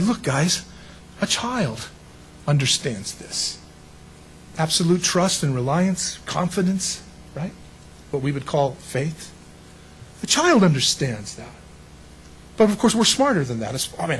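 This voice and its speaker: A man's voice: a little high, expressive, moderate pace, pauses often, slight background noise, rough recording. A man preaching a sermon in a conversational style, peppering it with rhetorical questions and folksy asides. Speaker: pastor.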